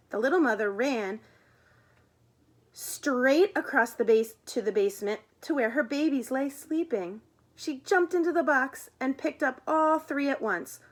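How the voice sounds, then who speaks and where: A woman with a fairly high voice reads a children's storybook aloud. Her reading is expressive. She slips into character voices for the dialogue. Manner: expressive, voices the characters, chats about the pictures. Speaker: reader of a children's book.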